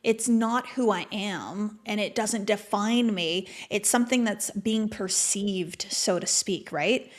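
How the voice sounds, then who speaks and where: A woman's voice: medium pitch, slow, hardly any pauses. A woman speaking candidly and reflectively as a podcast guest, in casual conversation full of "like" fillers. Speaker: podcast guest, manifestation mentor.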